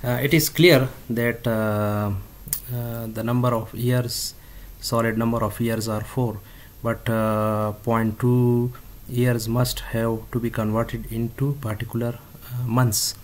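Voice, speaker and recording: Slow, halting man teaching a coding lesson. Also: medium pitch, level tone. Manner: halting, many fillers and restarts. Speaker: instructor. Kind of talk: screen-recorded coding tutorial.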